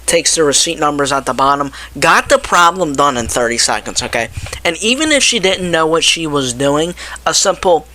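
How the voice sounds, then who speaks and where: A young man with a bright, forceful voice rants casually to his audience. He talks in an animated, exasperated way and acts out what each person said. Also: fairly high pitch, normal speed. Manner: animated, exasperated, quotes people in his telling. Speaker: vlogger. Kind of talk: casual ranting story to camera.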